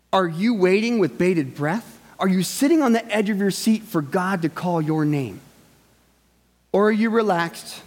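A man's voice: high voice, darkish tone, long reverb tail. A male pastor giving a sermon in a conversational way, often checking in with his listeners. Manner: conversational, with frequent "right?" asides.

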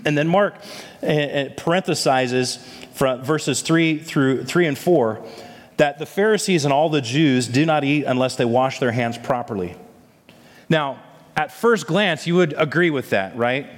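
A man's voice: on the high side, a little slow. A male pastor delivering a sermon, asking the congregation rhetorical questions and tossing in "amen?" asides. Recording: long hall reverb.

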